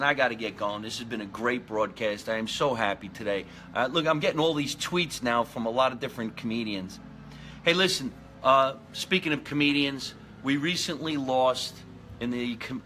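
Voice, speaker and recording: A man's voice: medium pitch, pushed and bright, slight background noise. A man in his forties, a comedian hosting his own live show, rambling and joking in a casual monologue. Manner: rambling, jokey, with lots of fillers and restarts.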